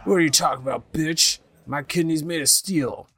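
A man putting on a loud, rowdy drunk. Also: fairly high pitch, animated, moderate pace, voice pushed up, lightly acted.

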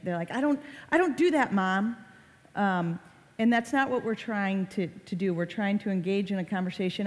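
A woman's voice: medium pitch, darkish tone. Woman speaker giving an online-safety talk in a hall. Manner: conversational, acts out short quoted lines. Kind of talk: talk to parents. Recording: reverberant hall.

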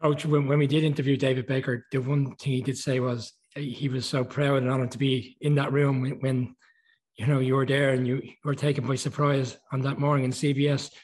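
Fast-talking husky male interviewer. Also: medium pitch, level tone, a little mellow, low-quality recording. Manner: quick, slightly halting questioning. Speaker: sports interviewer. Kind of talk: interview questions.

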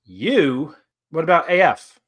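A man's voice: fairly high pitch, very animated, slow pace, fairly bright tone, breathy edge. A young man with a New York-area accent, co-hosting a podcast in casual, joking, profane banter. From New Jersey or New York area. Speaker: podcast co-host.

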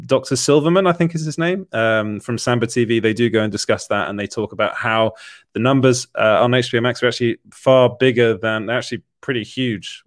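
A man's voice: lowish voice, no room sound, studio quality. A young man hosting a livestream, reading viewer comments in a chatty way with frequent laughs and fillers. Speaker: livestream host. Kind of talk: casual live chat, reading viewer comments.

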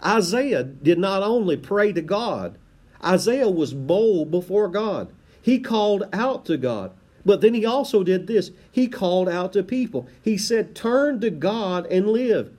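Impassioned pastor, lively pitch. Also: male voice, a little slow. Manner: impassioned preaching, rising and dropping for emphasis; repeats words while building a point. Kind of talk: sermon.

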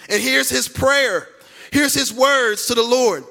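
A high-voiced man preaches a sermon from the pulpit of a church. His tone is bright and ringing. He puts questions straight to the congregation and stretches key words out for emphasis. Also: expressive, gravelly. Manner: preaching with dramatic pauses and emphatic drawn-out words; conversational, asks the congregation direct questions. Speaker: pastor. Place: church sanctuary.

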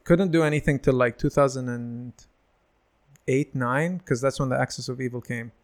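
Animated storytelling man in his thirties. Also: medium pitch, moderate pace. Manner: animated, acts out quoted voices. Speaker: stand-up comedian, guest. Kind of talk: casual storytelling chat.

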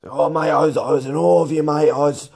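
A man's voice: fairly high pitch, fairly even intonation, brisk, creaky, a little mellow, breathy edge, pitched above the performer's own voice. A man impersonating a chatty English man in his sixties with an English accent, gushing and calling everyone mate. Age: 60s.

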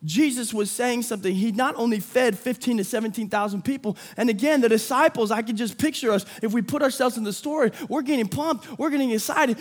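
A man preaching a sermon with energy, building to shouts and acting out quick voices for the people in the story. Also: extremely high pitch. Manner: energetic, rising to shouts, acts out disciples' voices. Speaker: pastor.

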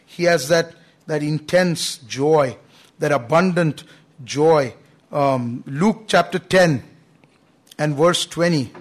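A man delivers a sermon in an earnest, emphatic way. His voice sits fairly high for a man, and he leans on key words, tossing in "you know" as he goes. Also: takes it slowly, pauses often. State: coughing at times. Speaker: preacher.

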